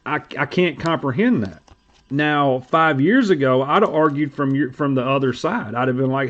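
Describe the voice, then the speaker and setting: A middle-aged man, hosting a casual livestream chat and telling stories in a blunt, profane, animated way. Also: mid-range voice, moderate pace. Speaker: livestream host. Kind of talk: casual card-collecting talk. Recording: dull lo-fi stream audio.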